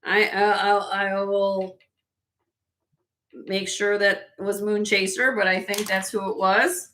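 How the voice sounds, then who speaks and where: A woman hosting a live jewelry sale stream in casual chat, laughing often and a little hoarse from losing her voice. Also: mid-range voice, little pitch movement, slow pace, a bit bright, slight background noise. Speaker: host and jewelry seller.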